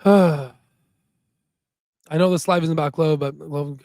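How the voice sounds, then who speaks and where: A man hosts a casual stock market livestream in a fairly high, dry-sounding voice. He talks in a heated, rambling way, restarting sentences and tagging points with "right?". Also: steady tone, slow pace, a little mellow, no echo. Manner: heated and ranting, with frequent "right?" tags; rambling with restarts and self-corrections.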